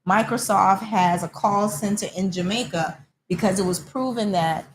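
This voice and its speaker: A woman hosts a relaxed conversation in a busy salon, acting out the people in her stories as she talks. Her voice sits in the middle of the range. A faint hum runs underneath. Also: medium pitch, moderate pace, low-quality recording. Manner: animated storyteller, acts out quoted callers. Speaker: host. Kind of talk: casual chat. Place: hair salon.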